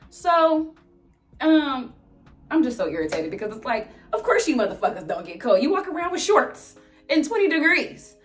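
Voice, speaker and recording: A young woman telling a storytime vlog as an animated, sarcastic, heavily profane rant. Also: high voice. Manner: exasperated, sarcastic. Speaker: vlogger.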